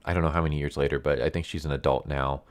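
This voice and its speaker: Deep, smooth-voiced man recapping casually. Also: steady tone, racing. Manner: rambling, frequent fillers and restarts. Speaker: comic book reviewer.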